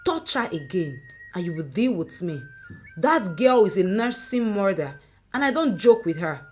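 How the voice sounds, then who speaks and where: A woman voicing a calm, firm middle-aged mother-in-law who speaks in measured warnings. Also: mid-range voice, faint music behind, natural voice.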